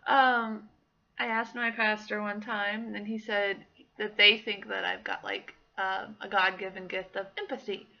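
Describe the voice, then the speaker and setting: A woman's voice: mid-range voice, level tone, unhurried, creaky, lo-fi sound. A woman in her thirties telling personal stories in a casual diary vlog, acting out the voices of people she quotes. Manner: chatty storytelling, acts out quoted voices. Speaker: vlogger.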